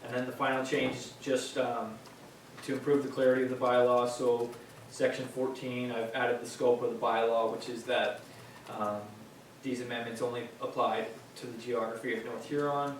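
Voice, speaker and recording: Man, flat steady delivery, explaining bylaw details, council chamber, far from the mic, faint background hum. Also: medium pitch, moderate pace. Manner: explanatory, with frequent fillers. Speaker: municipal staff member presenting a bylaw. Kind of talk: formal meeting presentation. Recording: echoey chamber, distant mic, faint noise.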